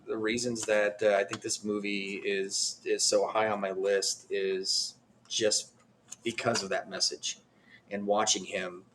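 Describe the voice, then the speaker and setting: Halting low-voiced man on a podcast. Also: fairly bright tone, slight background noise. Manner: halting, many fillers and restarts. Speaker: podcast co-host. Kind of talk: casual podcast discussion.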